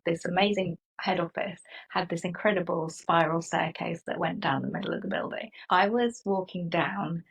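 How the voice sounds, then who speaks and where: Middle-aged woman guest, husky voice, animated storyteller who acts out the voices of others. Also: lowish voice, rough recording. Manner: animated, acts out quoted dialogue. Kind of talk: conversational storytelling.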